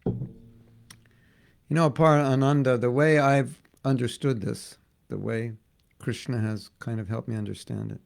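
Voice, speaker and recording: A man's voice: mid-range voice, fairly even intonation, a little slow, gravelly, long pauses. A man teaching a casual devotional class, joking and conversational, repeating words for emphasis. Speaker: spiritual teacher.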